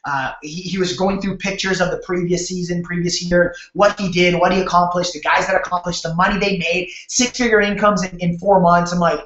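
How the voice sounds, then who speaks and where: A man from Canada hosting a sales webinar over a video call, telling his story in an energetic, repetitive way and talking straight to his audience. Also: high-pitched, brisk, hardly any pauses. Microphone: webcam or computer mic on a video call. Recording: roomy, dull lo-fi webcam audio.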